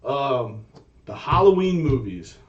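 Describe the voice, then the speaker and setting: A man co-hosting a casual podcast, telling stories in an animated way and swearing freely. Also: medium pitch, slow, distant mic, highs cut off. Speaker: podcast co-host. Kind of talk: casual chat.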